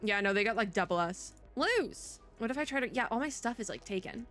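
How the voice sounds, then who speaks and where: Woman streamer, fairly high voice, chatty and giggly, thinking aloud through a game. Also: lively intonation, fairly quick, a bit bright, soft background music. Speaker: content creator. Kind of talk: casual gameplay commentary.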